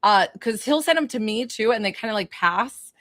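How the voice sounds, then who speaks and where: A woman's voice: on the high side, animated, moderate pace, fairly bright tone, no room sound, clean studio sound. A woman from New York giving a spiritual reading on a phone livestream, gushing, laughing often and chatting with viewers. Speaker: psychic medium.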